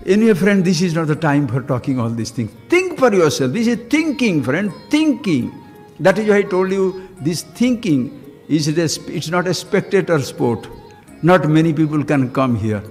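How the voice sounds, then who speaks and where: Man, Indian English accent, spiritual teacher, high animated voice, long hall reverb, faint music. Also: moderate pace. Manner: rhetorical questions, acts out dialogues. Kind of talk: lively spiritual talk.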